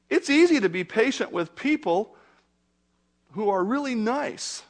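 Middle-aged male pastor, high voice, animated conversational sermon. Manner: animated, conversational preaching with rhetorical questions.

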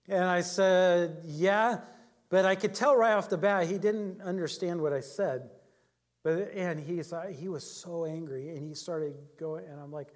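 Man, middle-aged pastor, sermon, chatty storytelling, slightly high voice. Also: unhurried. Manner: conversational storytelling, chuckles often. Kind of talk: sermon with personal anecdotes.

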